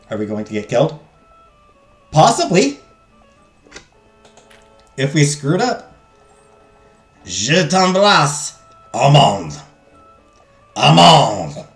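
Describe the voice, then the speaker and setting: Animated man reading a text game. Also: mid-range voice, normal speed, pauses often. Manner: jokey, self-deprecating asides between narration. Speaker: streamer playing a text game. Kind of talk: let's play, reading game text and chatting with viewers. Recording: roomy echo, faint game music.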